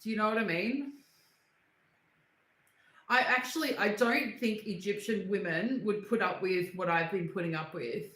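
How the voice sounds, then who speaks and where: A woman's voice: mid-range voice, moderate pace, long pauses, fairly bright tone. A young woman, talking bluntly and angrily on a casual livestream, swearing and repeating herself. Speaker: livestream host. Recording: echoey room.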